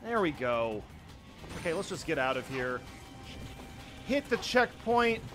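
A young man giving casual, jokey let's-play commentary, reacting loudly to the game as he plays. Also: on the high side, measured pace. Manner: excitable, jokey, yelps at the game. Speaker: gaming YouTuber. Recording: faint game music behind.

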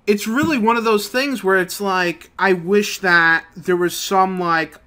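Young man, high voice, profane rambling rant, mutters then bursts out. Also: a little slow, hardly any pauses, pushed and bright. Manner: profane, rambling, swings between mutters and outbursts. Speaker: gaming channel host. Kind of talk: casual rant over gameplay.

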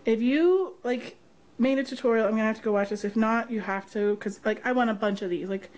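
A woman's voice: on the high side, fairly quick, darkish tone. A woman vlogger unboxing a gift box, gushing and gasping with delight. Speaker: craft vlogger. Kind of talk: unboxing vlog.

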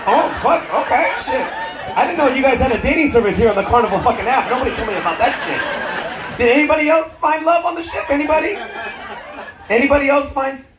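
Profane high-voiced male stand-up comic. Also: animated, fast talker, noisy background. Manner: profane, teasing, laughing at his own jokes. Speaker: stand-up comedian. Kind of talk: crowd-work stand-up. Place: cruise ship comedy club. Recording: echoey room, loud crowd laughter.

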